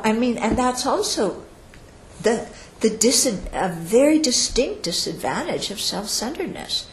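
Slow, high-voiced woman teaching. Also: echoey room, poor audio. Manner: conversational, often checks in with the audience by asking "Yeah?"; acts out quoted speech with lively shifts in voice. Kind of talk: dharma talk to an audience.

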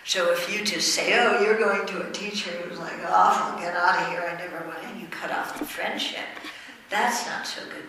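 An older woman giving a Buddhist teaching, measured and often checking in with her listeners. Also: fairly low pitch, bright, forceful tone, a little hiss or hum. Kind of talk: Dharma teaching talk. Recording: echoey room, voice from far off.

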